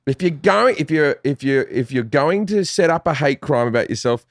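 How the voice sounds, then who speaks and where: A man's voice: fairly high pitch, lively intonation, normal speed, no echo, studio quality. An Australian man guesting on a podcast, talking in a blunt, profane, rambling way with lots of restarts. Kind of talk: casual chat.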